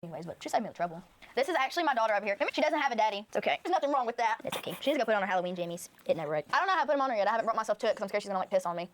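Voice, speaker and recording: A woman's voice: medium pitch, expressive, very fast, slight background noise. A woman hosting a podcast in casual chat, bubbly and dramatic in how she talks. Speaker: podcast host.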